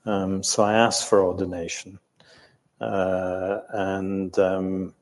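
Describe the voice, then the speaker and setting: A man's voice: sits low, level tone, slow pace, a little mellow, in a large hall. An older man from England telling his life story in a reflective, hesitant way, with many ums and restarts and the odd chuckle. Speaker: interviewee recounting his life.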